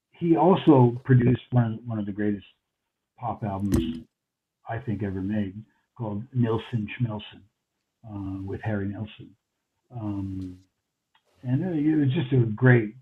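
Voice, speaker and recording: An older man from New York City with a New York accent, a recording engineer telling long rambling stories full of fillers and restarts. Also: lowish voice. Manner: meandering, many fillers and restarts. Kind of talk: rambling anecdotal storytelling. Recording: tinny phone line.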